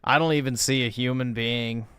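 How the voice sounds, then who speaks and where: A man's voice: mid-range voice, fairly even intonation, normal speed, fairly bright tone, smooth, no echo, clean studio sound. A man giving blunt, crude and contemptuous commentary on a reaction stream.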